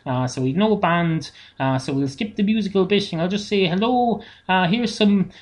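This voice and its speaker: A man from Ireland with an Irish accent, rambling through a deadpan solo comedy monologue with lots of "uh" fillers, recorded at home. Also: high-pitched, fairly quick. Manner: deadpan, meandering, frequent "uh" fillers. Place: home setup. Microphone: self-recorded into editing software on a computer, no monitoring.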